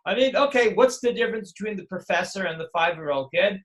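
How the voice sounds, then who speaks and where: A man's voice: sits high, lively intonation, fast, few pauses, a bit bright. A middle-aged man teaching an online class in a chatty, digressive lecture style. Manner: chatty, digressive, acts out voices of others. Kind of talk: casual lecture.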